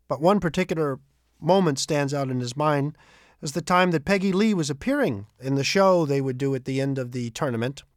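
Male storyteller, high-pitched, animated, dry close sound. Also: no room sound. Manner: animated, repeats quoted speech. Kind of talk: retelling anecdotes.

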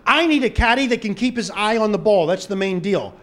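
A man playing an impatient, demanding golfer who insists loudly on a caddy who watches the ball. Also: high-pitched, expressive, fairly quick, voice pushed up. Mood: insistent. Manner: loud, insistent.

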